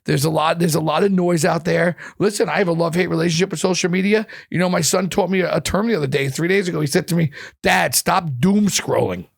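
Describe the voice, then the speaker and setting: A middle-aged man telling animated stories in an interview, profane and repeating words when he gets going. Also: on the high side, fast talker, creaky, few pauses, breathy edge. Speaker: chef and guest. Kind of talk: storytelling interview chat.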